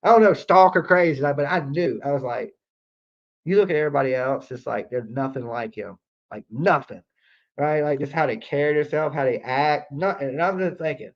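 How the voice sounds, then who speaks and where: A man's voice: a little high, normal speed, muffled recording. A man telling a story on a late-night livestream in a casual, profane, rambling way, leaning on "like" and repeating himself. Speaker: livestream host. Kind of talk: casual live-stream storytelling.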